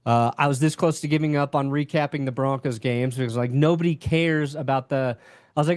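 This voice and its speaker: A man's voice: medium pitch, steady tone, brisk, dry recording, studio quality. A young man chatting casually as a podcast guest, candid and rambling, with casual swearing. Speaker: podcast guest, sports YouTuber.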